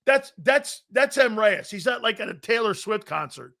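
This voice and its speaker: A man's voice: high voice, expressive, moderate pace, vocal fry, sharp tone. A man hosting a sports talk stream, ranting casually in a brash, profane, teasing way.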